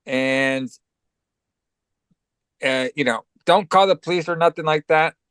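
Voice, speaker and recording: A man with a cold gives a rambling, profane play-by-play of a film. His voice sits a bit high, and the recording is dry and close. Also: measured pace, fairly bright tone, clean tone, no room sound. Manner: loose, profane play-by-play with many fillers. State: has a cold. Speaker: podcast co-host. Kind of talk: casual movie recap.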